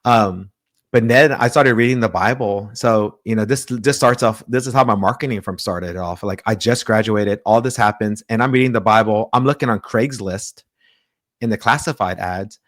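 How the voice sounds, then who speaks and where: A man telling a personal story in an interview, lively, acting out the people in it and often restarting his sentences. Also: fairly low pitch, moderate pace, no room sound, studio quality. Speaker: pastor, interview guest.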